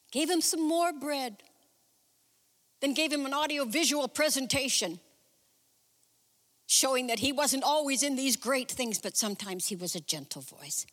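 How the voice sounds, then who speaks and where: Animated woman preacher in an echoing hall. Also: high-pitched. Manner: chatty, animated retelling with personal asides. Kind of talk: sermon, storytelling a Bible passage. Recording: reverberant hall.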